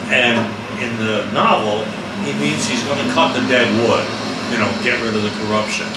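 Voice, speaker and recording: Man, steady casual dream retelling, echoey room, loud air conditioning behind. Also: medium pitch, normal speed, far from the mic, very noisy. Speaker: interviewee describing a dream. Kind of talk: casual recollection.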